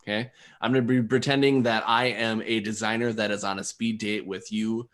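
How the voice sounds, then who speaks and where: A man's voice: fairly low pitch, level tone, brisk. A man hosting a casual online game show in a laid-back way, chuckling between explanations.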